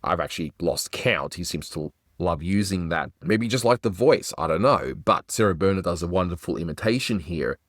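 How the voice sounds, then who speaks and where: Australian man, low voice, chatty review host, dry close sound. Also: animated, normal speed, few pauses, a bit bright, no room sound. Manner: chatty, conversational, self-deprecating. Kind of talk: casual review commentary.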